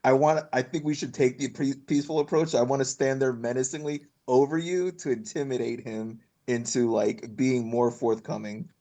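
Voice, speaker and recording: A man's voice: medium pitch, steady tone, normal speed, hardly any pauses, mellow. A man playing a tabletop role-playing game, talking casually with lots of fillers. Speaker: player.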